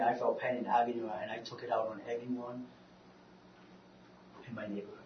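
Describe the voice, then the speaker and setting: A man's voice: mid-range voice, a little hiss or hum. Man preaching in an echoey hall. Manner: halting, repeats words, swings from loud urging to quiet. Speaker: speaker on depression, preacher. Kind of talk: sermon with personal testimony. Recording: roomy, distant, dull-sounding hall recording.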